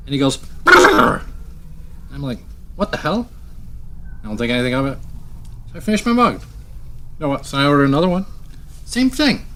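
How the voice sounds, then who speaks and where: A man voicing a brash fellow who tells a bar joke in quick, punchy bursts. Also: on the high side, fairly bright tone, a little hiss or hum, pitched above the performer's own voice. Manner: rapid, punchy joke delivery.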